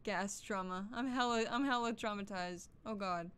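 Her mid-range voice is fairly bright and smooth, moving at a moderate pace as she streams a game. Chatty and jokey, she swears to herself and lets out yelps when something makes her jump.

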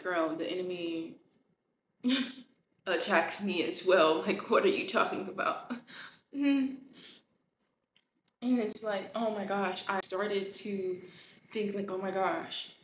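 A woman hosting a faith talk podcast, speaking expressively and emphatically and repeating phrases for emphasis. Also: lowish voice. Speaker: podcast host. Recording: echoey room with faint noise.

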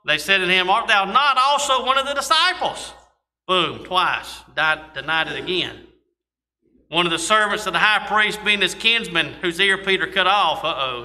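A man's voice: high voice, bright, forceful tone. A man preaching a sermon, reading scripture and adding folksy asides. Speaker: pastor. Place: church sanctuary. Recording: long church reverb.

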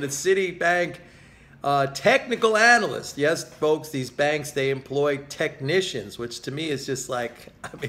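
Middle-aged male market vlogger; fairly high voice, sarcastic and animated, chats straight to viewers. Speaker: market commentator. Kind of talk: casual market commentary vlog.

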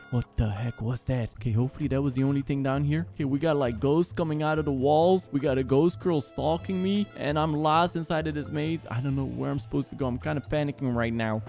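With game music behind him, a young YouTuber commentates a horror game, nervously running a maze and talking to viewers as "guys." His mid-range voice is fairly quick, creaky, and mellow, and he sounds jumpy and panicky.

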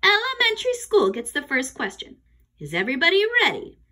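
A woman voicing an excitable grown man hosting a school quiz, announcing in a bouncy way. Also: high-pitched, a little fast, voice pushed up, exaggerated voice. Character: excitable adult male quiz host.

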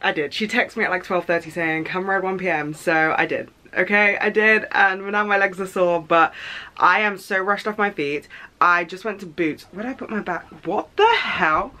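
A young woman vlogging in a casual, chatty and excitable way, rambling with fillers. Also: lowish voice, moderate pace. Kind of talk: casual vlog chat.

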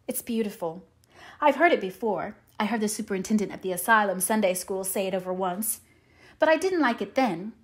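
A woman's voice: mid-range voice, animated, brisk, close to an everyday voice. A woman voicing a talkative, dreamy young orphan girl in an audiobook, with eager, rapturous run-on chatter. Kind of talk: audiobook character reading.

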